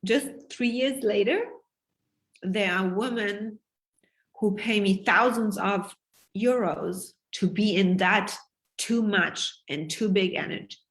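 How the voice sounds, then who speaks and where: A woman's voice: mid-range voice, takes it slowly. Woman coach going live to her group, fired up and emphatic, swears a lot. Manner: passionate, emphatic, swears freely. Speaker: business coach. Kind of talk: live sales pitch to an online group.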